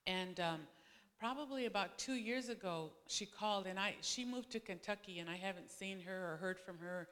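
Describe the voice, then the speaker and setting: A woman's voice: medium pitch, moderate pace, fairly bright tone, big-room sound. A woman pastor giving a sermon, telling stories in a loose conversational way with frequent restarts. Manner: conversational storytelling, many restarts.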